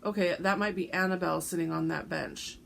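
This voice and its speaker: Chatty gravelly woman with a tired voice. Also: fairly low pitch, fairly quick, fairly bright tone, a little hiss or hum. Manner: chatty, rambling, with frequent ums. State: voice going hoarse. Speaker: cross-stitch vlogger. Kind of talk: casual show-and-tell chat.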